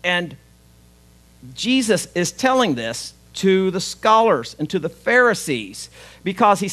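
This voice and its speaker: High-voiced pastor preaching. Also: male voice, sing-song, slow pace, fairly bright tone. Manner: storytelling with conversational asides, acting out the father's lines. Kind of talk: sermon.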